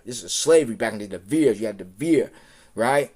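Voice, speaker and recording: A man on a live stream, talking in a heated, profane, rambling rant that circles back and repeats itself, sometimes dropping to a low mutter. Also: expressive, normal speed.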